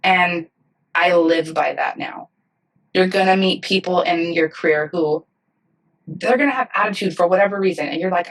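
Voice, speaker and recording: A woman's voice: on the low side, moderate pace, fairly bright tone, far from the mic, rough recording. A woman in her thirties, a nursing director, talking candidly in a podcast interview and acting out the people she quotes. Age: 30s. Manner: earnest, candid storytelling that acts out voices.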